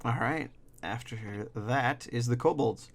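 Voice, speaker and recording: A man's voice: mid-range voice, takes it slowly, creaky. A man narrating a tabletop game as game master, in a casual manner with fillers. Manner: casual, describes scenes with fillers.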